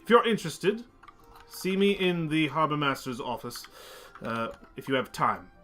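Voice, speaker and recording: Guy doing a pushy harbor official, thick accent, bright and loud, barks at his crew. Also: on the high side, big pitch swings, moderate pace, soft background music. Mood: businesslike. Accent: thick local port accent. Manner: bossy, barks orders. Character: brusque male harbor master official.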